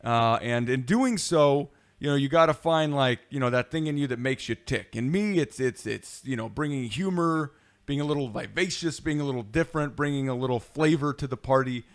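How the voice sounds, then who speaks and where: A man's voice: mid-range voice, a little fast. A man hosting a casual podcast, talking in a rambling, playful way with many fillers. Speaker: podcast host.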